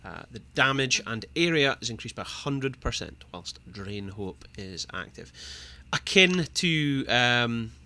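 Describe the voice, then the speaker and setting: A young man casting a live esports match, chatty and excitable, laughing often. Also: medium pitch, unhurried, few pauses. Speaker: esports caster.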